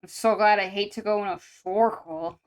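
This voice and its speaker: A woman's voice: mid-range voice, steady tone, normal speed, clear, resonant tone, natural voice. Woman putting on a brash New Yorker. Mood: jokey. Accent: New York. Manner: exaggerated, jokey.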